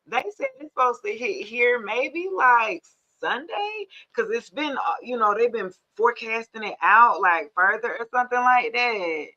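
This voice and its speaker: A woman's voice: fairly high pitch, lively intonation, a little slow, pushed and bright, dull audio. Chatty woman on a livestream. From Georgia, USA. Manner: chatty, laughs often, greets viewers by name. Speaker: tarot reader hosting a livestream. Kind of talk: casual livestream chat with viewers.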